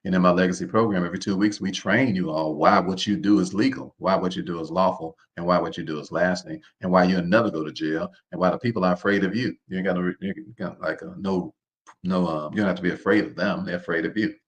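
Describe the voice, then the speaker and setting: Man, deep low voice, live seminar host, informal preacher-like delivery, repeats phrases, calls on the audience. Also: steady tone, fast talker. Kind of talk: live online seminar talk.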